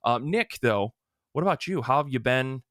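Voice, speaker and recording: A man hosting a casual comics podcast, animated and laughing often, with plenty of fillers. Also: mid-range voice, moderate pace, dry recording, studio quality. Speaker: podcast host. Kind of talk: casual chat.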